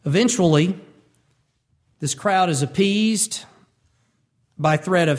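Male preacher, high voice, lively storytelling delivery, reads scripture then explains it. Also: takes it slowly, long pauses. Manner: animated, acts out voices and quotes. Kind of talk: expository sermon.

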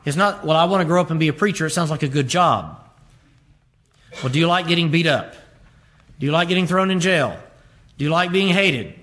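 A man's voice: on the high side, brisk, pauses often, a bit bright, slight background noise. A man, a pastor, preaching a conversational sermon full of rhetorical questions. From rural upbringing with a catfish pond.

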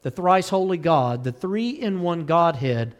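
A man delivers a sermon in a high, ringing voice. He reads King James scripture aloud, rising to loud pleas and sinking to hushed, solemn tones. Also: expressive, slow pace. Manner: swings between loud pleading and low solemn tones. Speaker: preacher.

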